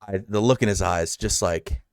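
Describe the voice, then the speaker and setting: Man, podcast host, casual chat, low resonant voice, dry sound, rambling heartfelt storytelling. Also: normal speed, dry recording.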